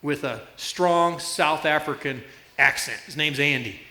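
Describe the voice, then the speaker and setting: A man's voice: fairly high pitch, a little slow, bright, forceful tone, roomy sound, soft background music. A man preaching a sermon, telling a story with laughter and illustrations. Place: church.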